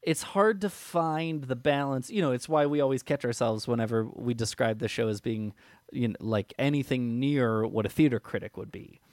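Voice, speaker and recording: A man's voice: medium pitch, normal speed, a little mellow, no room sound, studio quality. A man co-hosting a musical theatre podcast, talking in an opinionated, self-critical way in casual chat. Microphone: remote call.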